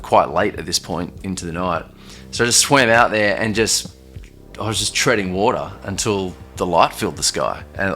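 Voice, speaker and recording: A young man telling a personal story in a loose, halting way, full of fillers and restarts. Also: deep voice, pushed and bright. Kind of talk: casual first-person storytelling. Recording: faint music underneath.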